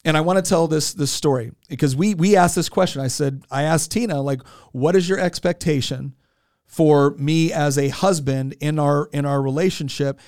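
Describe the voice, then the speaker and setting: A man's voice: on the high side, moderate pace, darkish tone, no echo, clean studio sound. A man in his forties telling a story in casual talk, earnest, often repeating words as he restarts. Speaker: podcast co-host.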